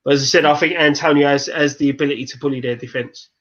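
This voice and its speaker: A man talks football on a casual fan show, often restarting his sentences as he thinks it through. His voice sits a little high, and it comes over a dull, lo-fi stream mic. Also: steady tone, quick pace, fairly bright tone. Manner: stammering restarts, earnest match analysis. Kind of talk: casual pub-style football chat.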